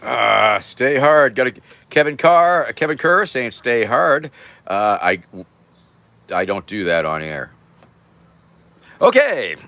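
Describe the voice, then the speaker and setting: A man's voice: mid-range voice, sing-song, takes it slowly, gravelly, long pauses, sharp tone, no echo. An older man hosting a casual livestream, rambling loosely and irreverently as he thanks viewers by name. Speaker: livestream host. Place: home, near a porch.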